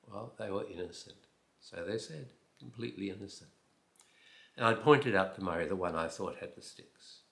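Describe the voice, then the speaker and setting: An older man in his eighties, raised in New Zealand but with an Australian accent, recounting an old story at an easy pace with fillers and dry asides. His voice is a little low and strikingly bright. The recording has a noticeably echoey room sound. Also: animated, normal speed, vocal fry, long pauses. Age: 80s. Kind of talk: relaxed personal anecdote.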